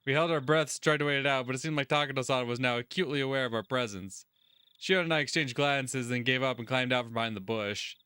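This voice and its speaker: A man's voice: medium pitch, fast talker, sharp tone, clear, resonant tone, no room sound, studio quality. A man hosting a let's-play, reading game narration aloud and adding crude, sarcastic commentary.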